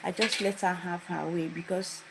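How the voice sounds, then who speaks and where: A woman's voice: lowish voice, fairly even intonation, normal speed, creaky, rough recording. A young woman, telling a personal story on a livestream in a casual, emphatic way and repeating phrases for emphasis. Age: young adult. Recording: loud background noise with clicks.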